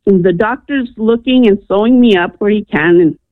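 A woman's voice: mid-range voice, normal speed, no echo. Woman caller, earnest testimony, tinny phone line, dry sound. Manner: earnest storytelling, acts out quoted voices. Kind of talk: personal testimony over the phone.

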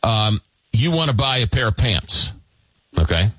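A man's voice: on the low side, big pitch swings, unhurried, a bit bright, dry recording, low-quality recording. A man hosting a late-night call-in radio show, reading listener messages and answering callers with many fillers and restarts.

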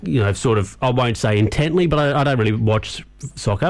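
A tired man hosting a radio show, yawning now and then. He rambles in a loose, unscripted way between songs, filling his talk with ums and you-knows. His voice sits at a middle pitch for a man. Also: moderate pace. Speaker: radio host. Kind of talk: casual chat between songs.

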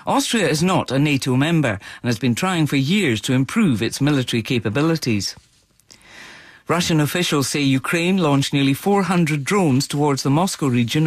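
A male newsreader delivering a scripted radio bulletin in a measured, formal way. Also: a little high, dry recording.

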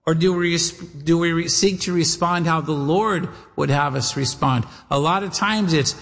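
A man's voice: fairly high pitch, moderate pace, vocal fry, hardly any pauses, a bit bright, big-room sound. A man preaching a sermon as a pastor, earnest, speaking straight to his listeners and acting out the voices of people he quotes. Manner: earnest, addresses listeners as guys and gals, acts out quoted voices.

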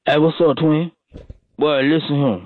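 A man's voice: a little high, fairly even intonation, unhurried, no room sound. A man, telling a rambling, mock-dramatic comic story on a radio show and repeating himself. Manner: drawling, repetitive, mock-dramatic. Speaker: comedic caller bit. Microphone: phone. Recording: tinny phone line.

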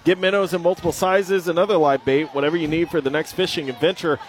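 A man's voice: a little high, quick pace. Upbeat young-sounding football play-by-play man. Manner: energetic, joking, reads sponsor ads between plays. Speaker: play-by-play announcer. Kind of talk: live high school football commentary.

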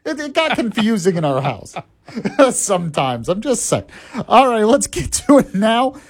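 A man's voice: high voice, big pitch swings, a little slow. A man hosting a talk radio show, chatty and laughing often. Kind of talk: casual talk radio chat.

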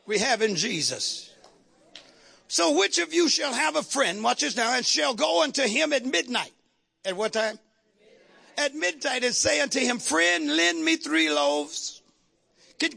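A man preaching a sermon to his congregation, calling out to the crowd and shouting at the peaks. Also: very high-pitched, gravelly. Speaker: pastor. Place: church sanctuary.

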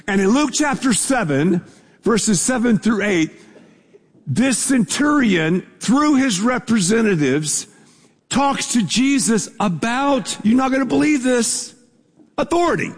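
A man preaching a sermon from the pulpit, his voice high and slightly husky. He keeps it casual and conversational, repeating key words and dropping in asides to the congregation. His voice carries a long reverb from the large church hall. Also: lively intonation, measured pace. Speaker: pastor. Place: church sanctuary with screens.

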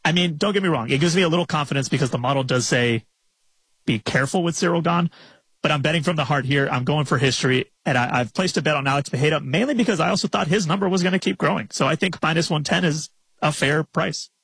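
A man breaking down fight bets and model numbers in a casual, animated podcast chat. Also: fairly high pitch, quick pace, creaky, breathy edge, dry recording, rough recording. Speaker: betting analyst.

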